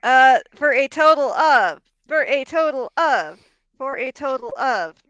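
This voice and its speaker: A woman chatting playfully at a tabletop game. Her voice is bright and sharp, a touch higher than most, and it is recorded dry and close. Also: expressive, measured pace, smooth, dry recording. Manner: playful, laughs often. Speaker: player. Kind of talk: tabletop game play, casual.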